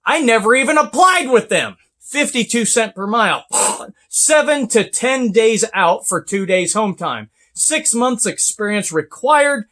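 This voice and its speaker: Sweary trucker dude ranting, bright sharp voice, jumps all over the place. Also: male voice, extremely high pitch, expressive, a little slow. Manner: profane, sarcastic, bursts into shouting. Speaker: truck driver reviewing trucking companies. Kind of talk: angry ranting vlog.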